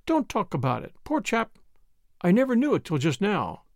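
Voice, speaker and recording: A woman's voice: medium pitch, huge pitch swings, normal speed, no echo, clean studio sound. A man voicing a flirtatious, breezy society woman with clipped upper-class phrasing.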